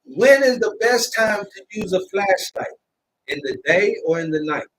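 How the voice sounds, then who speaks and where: A herbalist hosting a live stream lectures his audience in a high, expressive voice with a fairly bright tone. He is preachy and repetitive, drawing words out slowly to hammer his points home. The mic is distant and the audio poor, with faint noise humming underneath.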